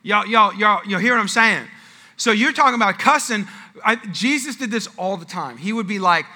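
A man's voice: high voice, animated, moderate pace, bright, forceful tone. A male pastor telling a chatty story at a church Q&A, with lots of restarts and asides. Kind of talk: sermon-style Q&A at church.

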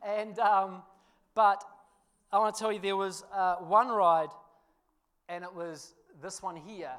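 A man preaching, telling a funny personal story with laughter before turning to a quieter sermon. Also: high-pitched, slow, clean tone. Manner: animated storyteller, laughs through the tale, drops quiet for scripture. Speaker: pastor.

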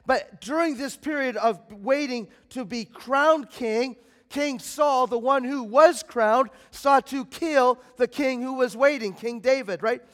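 A man preaching a sermon as pastor, swinging between loud emphatic bursts and quiet, low passages. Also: slow. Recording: long hall reverb.

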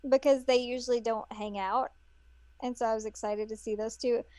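Woman, high voice, casual podcast co-host, chatty comments, dry close sound. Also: fairly even intonation, normal speed, a little mellow, no echo. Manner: chatty, adds comments and agrees. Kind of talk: casual chat.

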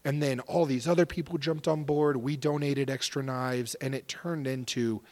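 A man's voice: medium pitch, fairly even intonation, moderate pace, darkish tone. A man in his thirties telling stories as a podcast guest, earnest and openly emotional, swearing casually. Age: 30s. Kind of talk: casual storytelling interview.

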